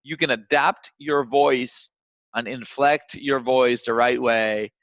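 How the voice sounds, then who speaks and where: A man coaching on cold calling over a video call, often acting out phone exchanges in a raised, lively voice. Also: medium pitch, slow, no echo. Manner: acts out phone calls in a raised voice. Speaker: sales trainer. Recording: dull, dry video call audio.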